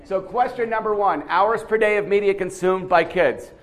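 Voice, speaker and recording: A man with a slightly high voice runs a quiz for a seminar audience in a conference room. He talks in an animated lecture style, asking questions, calling on people and repeating words as he thinks. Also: moderate pace. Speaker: seminar speaker running a quiz.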